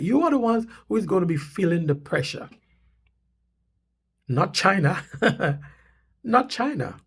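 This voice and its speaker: On the high side and slightly rough, the Canadian host's voice drives his news-clip commentary as he insists on his points, repeating them with mounting emphasis.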